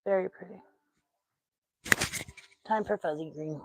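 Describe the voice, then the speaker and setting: Mellow and gravelly, this Texan woman's lowish voice moves unhurriedly as she chats on her crochet livestream. She talks to herself while working and mutters in exasperation, with no echo on the recording.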